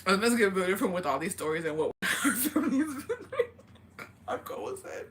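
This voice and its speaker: Talking very fast in a fairly low voice over a noisy background, a livestream host chats casually, reading viewer comments. She tells animated stories full of fillers, curses freely and laughs a lot.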